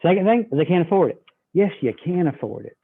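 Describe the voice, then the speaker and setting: A man giving a sales training, folksy and animated as he acts out a pitch to a customer. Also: fairly quick, creaky, breathy edge. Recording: tinny phone-like audio.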